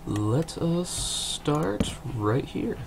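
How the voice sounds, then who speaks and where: A man's voice: very animated, very slow, creaky. A young man giving a rambling, self-deprecating, casual let's-play commentary from his computer at home, on a cheap mic. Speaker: gaming channel host. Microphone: cheap desktop mic near keyboard. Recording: noisy low-budget home recording.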